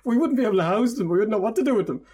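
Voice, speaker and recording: A man's voice: high voice, lively intonation, racing, warm tone, husky. A man interviewing a guest, asking long, winding questions.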